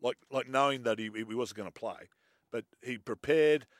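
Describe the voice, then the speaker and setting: A man's voice: medium pitch, no echo, clean studio sound. A former player chatting casually, tripping over and repeating his words. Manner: fast, stumbling, repeats words. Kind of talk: casual sports chat.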